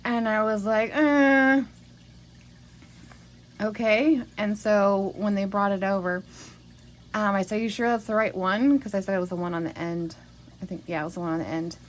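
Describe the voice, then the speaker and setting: A woman's voice: mid-range voice, steady tone, fairly quick, poor audio. A woman recording a spoken journal at home, telling a story in a rambling, emotional way with many restarts. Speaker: vlogger.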